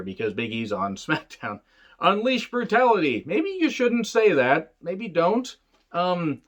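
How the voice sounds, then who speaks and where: A man's voice: fairly high pitch, a bit bright. A man who reviews wrestling shows in a casual, sarcastic way, with a lot of swearing and jokes. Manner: sarcastic, joking, rambling. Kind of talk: casual profane commentary.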